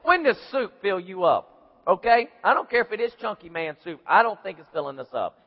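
A man's voice: sits high, very animated, a little fast. A man preaching a sermon in a folksy storytelling way, acting out little scenes and voices. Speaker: pastor. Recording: echoey hall, dull lo-fi sound.

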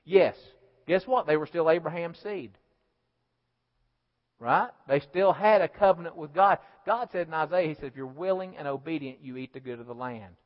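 A high-voiced male pastor preaches in a church, his words trailing into a long hall reverb. The recording is dull and lo-fi, and he moves from loud, emphatic declarations to quiet asides while checking in with the congregation. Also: normal speed. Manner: preaching with call-and-response asides, rising and falling in volume. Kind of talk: sermon.

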